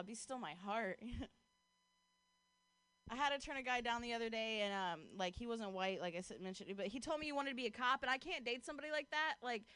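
Bright, chatty woman doing stand-up. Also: a little high, clear, resonant tone, no echo. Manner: chatty, leans on "like", laughs at her own jokes. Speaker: stand-up comedian. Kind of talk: stand-up set with crowd work. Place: outdoors on a street corner.

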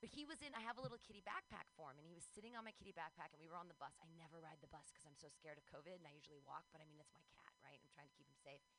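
A woman's voice: sits low, rapid-fire, hardly any pauses, bright, forceful tone, slight background noise, rough recording. A woman performing a playful, self-mocking stand-up comedy set at an outdoor show.

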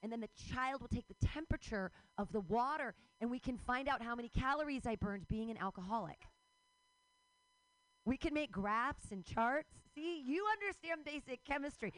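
A middle-aged woman performing a rambling stand-up comedy set, excitable and swearing freely. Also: on the high side, normal speed, no echo, low-quality recording.

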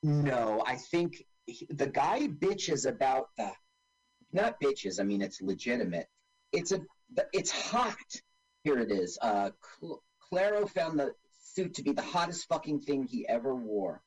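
A man's voice: mid-range voice, measured pace, husky, low-quality recording. A man co-hosting a radio talk show, chatting casually and joking while narrating what is on screen. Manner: animated, jokey, narrates on-screen action. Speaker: podcast co-host. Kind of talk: casual chat watching a film.

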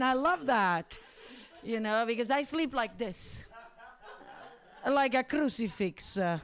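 A woman's voice: on the high side, measured pace. Crude rambling woman doing stand-up. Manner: crude, rambling, self-deprecating. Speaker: stand-up comedian. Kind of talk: open-mic stand-up set.

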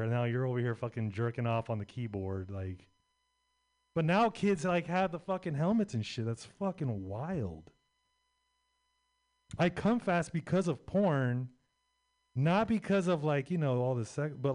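A man's voice: mid-range voice, a little mellow. A young man performing a rambling, profane, self-deprecating stand-up comedy set on a club stage.

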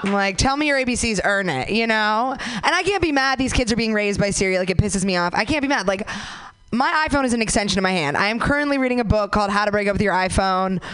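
A woman's voice: medium pitch, animated, quick pace, fairly bright tone, clean tone. A young woman doing a stand-up comedy set, crude and self-mocking, rambling with lots of likes and you knows. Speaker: stand-up comic.

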